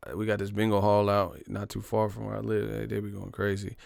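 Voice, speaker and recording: Man, comic storyteller, profane, rambling, gravelly, dry recording. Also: lowish voice, level tone, brisk, darkish tone, no room sound. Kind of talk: casual comedic storytelling monologue.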